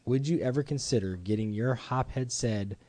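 A man hosting a casual podcast chat in a home studio, animated and playful, acting out quoted voices. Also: mid-range voice, moderate pace, no echo. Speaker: podcast host.

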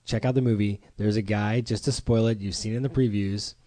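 Mellow-voiced man hosting a casual chat. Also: on the low side, a little fast, no echo. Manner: animated, acts out quoted voices. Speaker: podcast host. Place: home studio.

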